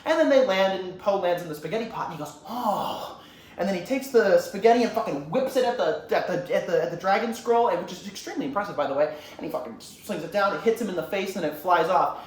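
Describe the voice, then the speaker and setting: A man's voice: high-pitched, lively intonation, fast, hardly any pauses. A young man who rambles and swears a lot as he retells a movie scene in a casual, comic way. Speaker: YouTuber. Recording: roomy echo, faint ambient noise.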